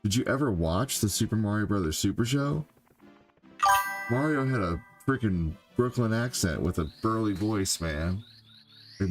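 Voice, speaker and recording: Older male streamer, deep low voice, loose rambling chatter over quiet game music. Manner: rambling, heavy on "you know" and "like". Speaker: gaming streamer. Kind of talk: live gameplay stream chat.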